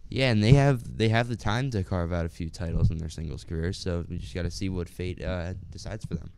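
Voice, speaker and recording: Deep-voiced young man, easygoing. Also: fairly quick, creaky, a little mellow, slight background noise. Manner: easygoing, hands questions to his co-host. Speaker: co-host of a wrestling talk show. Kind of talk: casual chat.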